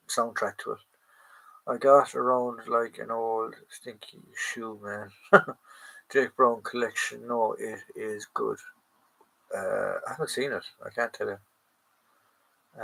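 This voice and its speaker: A man's voice: on the low side, creaky, bright, forceful tone, poor audio. A man hosting a live stream, chatting casually and answering viewers with many fillers and restarts.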